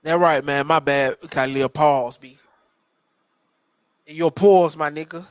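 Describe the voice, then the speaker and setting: A man's voice: on the high side, steady tone, measured pace, no echo. A man hosting a podcast in casual, profane, laughing banter. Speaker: podcast host. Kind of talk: casual chat.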